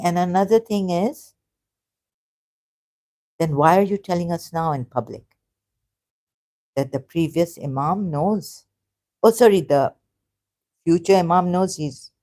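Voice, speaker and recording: A woman vlogging about religion to camera, hesitant and halting with many restarts, earnest and openly frustrated. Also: deep voice, darkish tone. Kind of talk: unscripted talk to camera.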